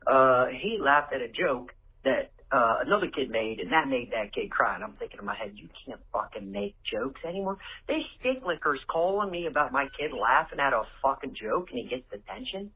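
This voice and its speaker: Over a tinny phone-line voicemail, a man leaves a profane, story-driven message for a podcast, laughing at his own tale. His mid-range voice is very animated and breathy-edged, at a normal speed.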